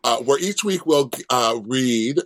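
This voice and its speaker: An easygoing male co-host introduces segments in a relaxed, sassy way. His voice sits at a middle pitch, and he leans on drawn-out fillers as he talks. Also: slight background noise. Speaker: podcast co-host. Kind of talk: casual chat.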